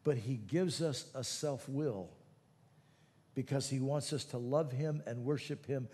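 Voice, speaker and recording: A man preaching a sermon, moving between quiet teaching and loud, fervent calls to prayer. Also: medium pitch, measured pace, slightly rough, big-room sound. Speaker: pastor.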